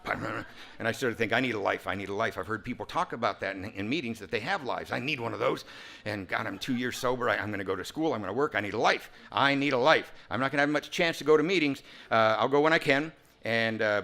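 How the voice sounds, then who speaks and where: Animated man telling his recovery story. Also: lowish voice. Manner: animated, humorous, full of sound effects. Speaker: recovery talk speaker. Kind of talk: personal storytelling speech.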